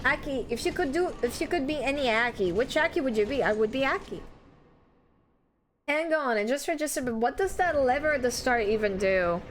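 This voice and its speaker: A woman's voice: high-pitched, expressive, a little fast, slight background noise. A woman streamer chatting casually with her viewers while she plays, full of dramatic exclamations. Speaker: game streamer. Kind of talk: casual live gaming commentary.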